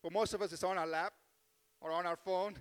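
A man's voice: high-pitched, fairly even intonation, fairly quick, clean tone. A man preaching a sermon as pastor, asking the congregation for amens and leading them in a spoken declaration. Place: church sanctuary. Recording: long hall reverb.

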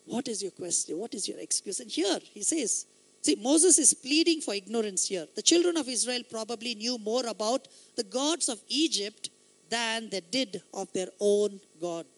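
A man preaches in a light, high voice that listeners often mistake for a woman's. His sermon moves through emphatic stories and builds to loud exhortation. A gravelly fry runs under his words, and the sound is close and dry. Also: lively intonation, normal speed, no echo.

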